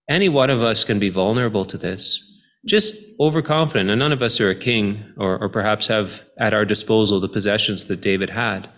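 A man's voice: fairly low pitch, a bit bright. Man preaching a conversational sermon. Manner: conversational, rising to emphatic appeals.

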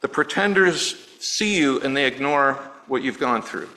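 Middle-aged guy preaching, bright forceful voice, earnest and personal, goes quiet on the sad parts. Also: medium pitch, expressive, a little slow, poor audio. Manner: earnest, personal, softening to near-hush on grief. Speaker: pastor. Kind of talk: sermon.

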